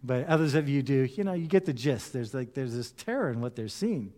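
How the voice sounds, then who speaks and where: A man preaching a sermon, telling the story with animated voices and reading scripture aloud. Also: mid-range voice, fairly quick, big-room sound. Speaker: pastor.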